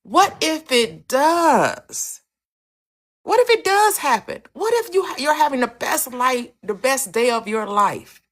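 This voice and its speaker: A woman's voice: high-pitched, lively intonation, normal speed, few pauses. A woman host teaching manifestation in an emphatic, preachy way, firing off repeated rhetorical questions on a live stream.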